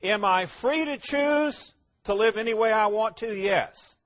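A man preaching a sermon, posing rhetorical questions and answering them emphatically, his voice rising loud and dropping quiet. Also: high voice, a little slow. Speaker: pastor.

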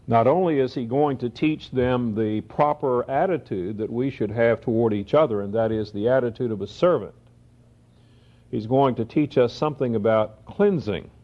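A mid-pitched man teaches the Bible verse by verse. He lingers over scripture and then moves quickly through plain asides. The recording is dull and lo-fi.

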